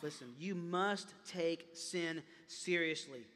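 In a large sanctuary's long reverb, a male pastor preaches slowly with a high, bright, ringing voice. Impassioned, he often repeats himself before rising to loud, emphatic peaks.

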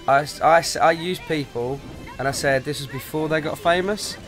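Young british guy, laddish, sweary, fairly high voice, telling a school story over a game. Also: normal speed, music in the background. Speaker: co-host of a gaming channel. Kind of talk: casual gaming chat.

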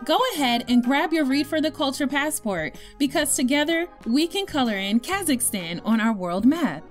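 A woman reading a children's story aloud to young listeners in an expressive storytelling voice. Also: high voice, moderate pace. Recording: faint music behind.

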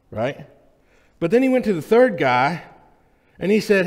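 His voice sits high with big pitch swings and a darkish tone as this pastor preaches at a measured pace. Conversational and joking, he often checks in with the congregation, recorded in a reverberant church sanctuary.

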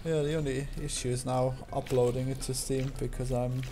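A man's voice: mid-range voice, little pitch movement, moderate pace. A man hosting a casual gaming chat while playing, dry and understated. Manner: dry, understated, short replies. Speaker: game developer and host. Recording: game music behind.

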